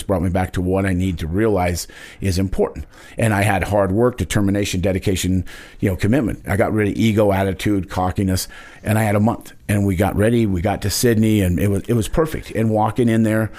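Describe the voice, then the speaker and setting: A man in his fifties from Wyoming speaks in a low voice. He tells his story earnestly in a casual interview and acts out what people said to him. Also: fast talker. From Wyoming, United States. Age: 50s. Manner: earnest, animated retelling with acted quotes. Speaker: guest, Olympic wrestler.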